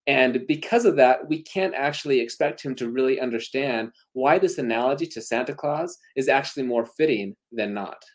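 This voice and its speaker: A man with an average-pitched voice joins a podcast discussion. He talks through his reasoning earnestly and steadily. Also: animated, moderate pace, few pauses.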